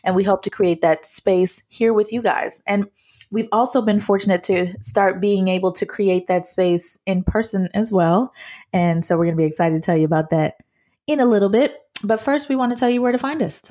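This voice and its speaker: A woman co-hosting a faith podcast in casual chat, playful and teasing with quick asides. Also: medium pitch, dark tone. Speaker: podcast co-host.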